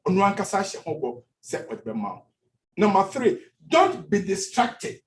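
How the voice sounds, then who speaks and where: A male pastor with a Ghanaian accent preaching a sermon in church, switching between languages and repeating phrases for emphasis. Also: high-pitched.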